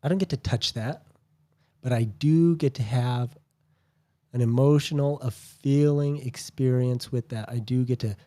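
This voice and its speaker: A man co-hosting a recovery podcast, speaking in a slow, earnest, reflective way. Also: mid-range voice, warm tone. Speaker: podcast co-host. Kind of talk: reflective talk.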